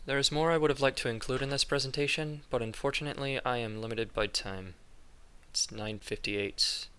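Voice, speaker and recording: Monotone young man, bright clear voice. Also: mid-range voice. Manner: flat, monotone reading. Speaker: student presenter. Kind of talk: scripted narration.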